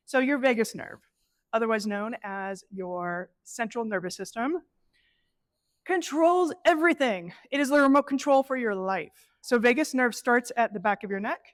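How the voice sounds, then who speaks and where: Animated woman presenting a live workshop. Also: fairly high pitch, normal speed, no echo. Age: middle-aged. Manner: animated, conversational, plays out inner voices. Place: event space with an audience.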